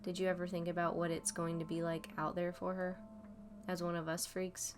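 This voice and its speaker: A scornful teenage girl with a cutting, sarcastic bite, as a woman puts her on. Her voice is fairly low and kept flat. Music runs clearly underneath. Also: fairly quick, natural voice. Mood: sneering. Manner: sneering, sarcastic.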